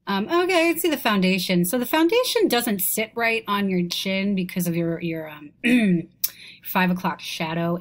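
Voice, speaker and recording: Woman host roasting pics, snarky, trips over her words a lot, mid pitch. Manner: snarky, rambling, stammering restarts. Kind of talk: mocking commentary on selfies.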